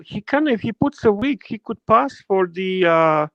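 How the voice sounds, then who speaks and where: A man's voice: high voice, lively intonation, moderate pace, dry recording, highs cut off. A man co-hosting a casual podcast, playful and teasing, joking around with the others. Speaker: co-host.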